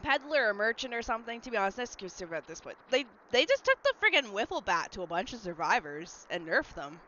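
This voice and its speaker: Chatty streamer with a lively, bright voice. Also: medium pitch, fast, a little hiss or hum. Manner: rambling, chatty, answers chat messages. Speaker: livestreamer. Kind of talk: casual stream chat while gaming. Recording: slightly dull lo-fi mic. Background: faint game music.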